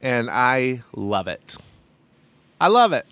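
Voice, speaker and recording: A man's voice: mid-range voice, sing-song, slow pace, a bit bright, clear, resonant tone, no echo. A man co-hosting a podcast in casual chat, sarcastic and joking. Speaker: podcast co-host.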